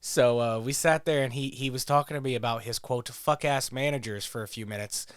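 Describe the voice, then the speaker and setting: A man's voice: medium pitch, fairly quick, smooth, no echo, clean studio sound. Profane joking male game streamer. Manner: profane, joking, rambling storyteller. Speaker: gameplay streamer. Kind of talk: casual gameplay commentary.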